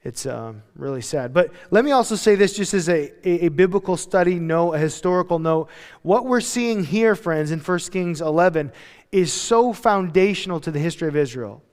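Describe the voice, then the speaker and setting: Animated male pastor in a reverberant hall. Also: high voice, moderate pace, smooth. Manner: conversational, animated preaching with playful voiced asides. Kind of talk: sermon. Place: church sanctuary.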